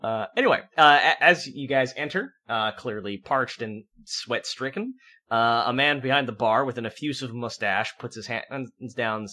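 Casting: man from Canada, game master, chatty narration with filler words, bright edgy tone. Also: medium pitch, lively intonation, normal speed. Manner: casual narration with frequent fillers.

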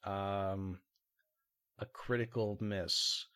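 Slow-talking man rambling through character backstories. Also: deep voice, steady tone, sharp tone. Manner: rambling, hesitant, full of ums. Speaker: player. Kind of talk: casual tabletop game chat.

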